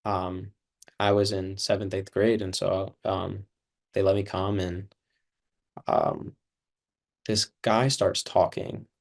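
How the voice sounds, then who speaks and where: A man's voice: low voice, little pitch movement, slow, gravelly, pauses often. A young man giving personal testimony as an interview guest, earnest and filling his speech with "like". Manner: earnest, heavy use of "like".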